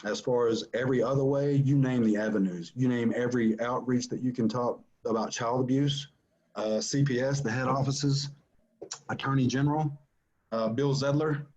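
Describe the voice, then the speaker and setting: A father's earnest account of his family is delivered at normal speed in a mid-range, steady, slightly mellow voice, on dull audio. He is emphatic throughout this personal testimony and repeats himself for stress.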